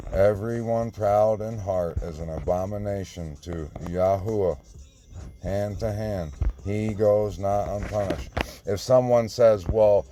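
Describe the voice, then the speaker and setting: A man's voice: lowish voice, mellow. A man giving an informal sermon, insistent and confrontational, often repeating himself. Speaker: online preacher.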